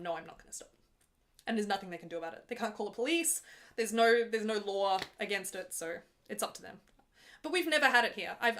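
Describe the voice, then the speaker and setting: A woman's voice: a little high, bright, forceful tone. A young woman opera singer talking casually from her apartment, explaining an aria between sung examples in a chatty, patient way with easy laughs.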